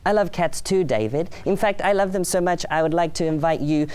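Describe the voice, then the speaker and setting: A woman's voice: lowish voice, brisk, mellow, smooth. A woman hosting a TV talk show in a studio, upbeat and steering her guest along.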